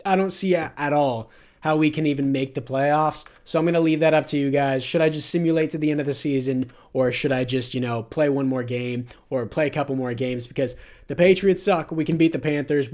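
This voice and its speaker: A young man with a somewhat high voice talks through his football video game play by play, calling downs and routes. He is a gaming YouTuber speaking into a desk mic, and he vents openly when a play goes wrong. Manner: narrates his own plays, flares into loud frustrated rants. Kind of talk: live gameplay commentary.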